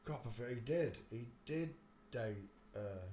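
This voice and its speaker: A man's voice: medium pitch, measured pace, a little hiss or hum. Rambling man in an echoey room. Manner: rambling, talks to himself while searching pictures; gets loud and animated telling stories. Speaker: livestream host. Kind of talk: casual livestream commentary. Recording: roomy echo with faint ambience.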